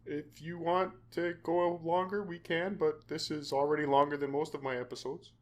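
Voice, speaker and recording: Podcast guy, kinda high voice, earnest and halting, lots of restarts. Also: flat delivery. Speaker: podcast host. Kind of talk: casual podcast chat.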